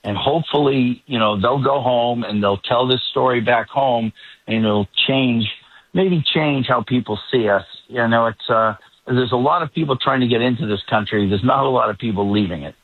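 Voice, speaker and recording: A man with a faint Boston accent calling in as a regular panelist, dry and joking, pausing with fillers. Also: medium pitch, breathy edge, dry recording. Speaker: political reporter, regular panelist. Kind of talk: remote call-in commentary. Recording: tinny phone line.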